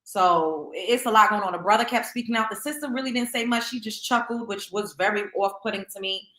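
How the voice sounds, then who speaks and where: A woman's voice: medium pitch, brisk, pushed and bright, roomy sound. A woman hosting celebrity gossip commentary, reading reports and then reacting with strong opinions. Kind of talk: commentary on news.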